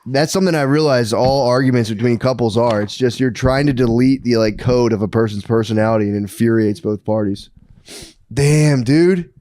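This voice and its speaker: A man's voice: mid-range voice, brisk, mellow, no echo. A man co-hosting a comedy podcast, talking casually and profanely and acting out arguments in raised voices. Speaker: podcast co-host.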